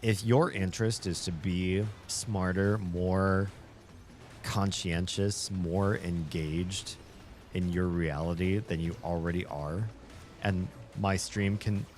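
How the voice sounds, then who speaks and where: Deep-voiced male streamer, laughing and thoughtful. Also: a little mellow, a little hiss or hum. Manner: laughs often, rambling and thoughtful. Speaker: streamer and host. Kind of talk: casual chat while gaming.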